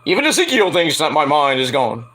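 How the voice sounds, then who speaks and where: A man casually reviewing a wrestling show, animated, laughing often and swearing freely as he mocks what he watched. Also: on the high side, brisk. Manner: animated, laughing often, profane, playfully mocking. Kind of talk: casual reaction commentary.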